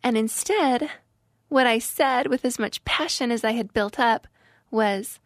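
A woman's voice: a little high, a little slow, no echo, studio quality. A young woman giving an inspirational devotional talk to youth, telling her story in an earnest, emphatic way.

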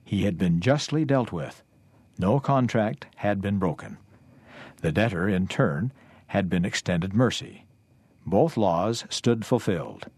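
A man reading a parable aloud for a lesson in a measured, even way. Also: on the low side, breathy edge, no echo. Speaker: reader of a lesson text.

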